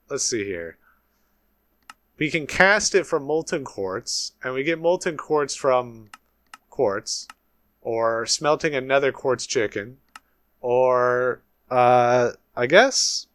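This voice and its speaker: A man's voice: medium pitch, fairly bright tone, dry recording. Guy rambling thru crafting recipes while he plays, cusses a bunch, mid voice, dry recording. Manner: thinking aloud, swearing, self-mocking. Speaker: gaming YouTuber. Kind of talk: solo Let's Play commentary.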